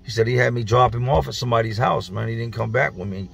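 A man casually telling a profane, slangy street story as a vlogger, animated as he retells it. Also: medium pitch, fast talker, gravelly, a little hiss or hum.

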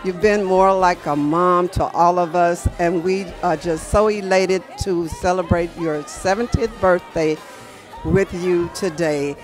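Slow-spoken woman in her sixties. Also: on the low side, fairly even intonation, soft background music, some chatter behind. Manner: slow, affectionate. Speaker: sister of the birthday woman. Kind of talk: heartfelt birthday message.

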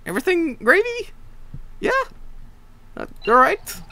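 A man streaming a space game, chatting casually, swearing and breaking into shouts when the fighting starts. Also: extremely high pitch, unhurried, creaky. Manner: excitable, swearing, jumps to shouting in combat. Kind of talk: casual gameplay commentary.

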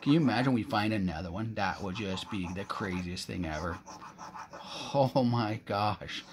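A man's voice: sits low, fairly quick, crowd noise. A middle-aged man from Canada doing a casual scratch-off ticket vlog, chatting to viewers and exclaiming often. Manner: frequent exclamations, talks to viewers as guys. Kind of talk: excited casual vlog commentary.

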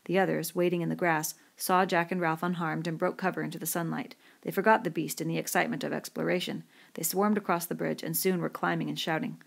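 A woman reading a novel aloud in a measured, descriptive way. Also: low voice, fairly even intonation, vocal fry. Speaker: audiobook reader. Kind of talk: scripted narration.

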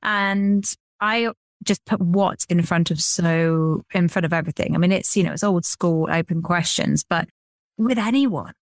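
A chatty English woman co-hosting a sales podcast, telling stories with an animated, easy manner. Her voice sits a little low, recorded close and dry with no room sound. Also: unhurried, no echo. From England. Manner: chatty, animated storytelling with laughs. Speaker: podcast co-host. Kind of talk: casual chat.

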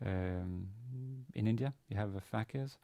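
A man giving a university grammar lecture, pausing often with fillers and restarting his sentences. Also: on the low side, vocal fry, warm tone, no room sound, lo-fi sound. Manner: hesitant, many fillers and restarts. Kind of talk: classroom lecture. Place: university classroom.

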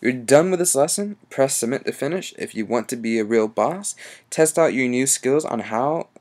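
A young man talks through a screen-recorded coding exercise in a casual way. He reads the instructions aloud with plenty of ums and restarts, and his voice sits at a middle pitch. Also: lively intonation, normal speed, darkish tone. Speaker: coding tutorial host.

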